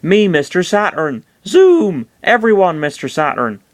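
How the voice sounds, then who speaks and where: A man voicing a small cheerful creature in a put-on West Country accent, in high chirpy broken phrases. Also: huge pitch swings, unhurried, exaggerated voice.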